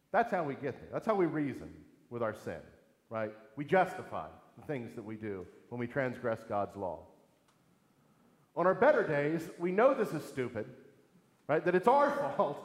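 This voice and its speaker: A man preaching a sermon in an earnest, emphatic way, asking rhetorical questions. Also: on the high side. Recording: echoey hall with long reverb.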